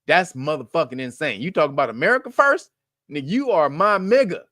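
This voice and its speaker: A man riffs through casual commentary in a blunt, profane way, laughing often and circling back through restarts. His voice sits high and swings widely in pitch as he goes. The sound is dry and close. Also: very animated, normal speed, fairly bright tone, no room sound. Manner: rambling with frequent restarts. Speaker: commentary show host.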